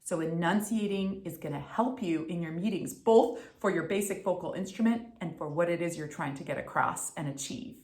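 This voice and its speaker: A woman's voice: lowish voice, moderate pace, few pauses, darkish tone. Upbeat woman voice coach, echoey room. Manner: upbeat, crisply enunciated. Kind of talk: instructional tutorial.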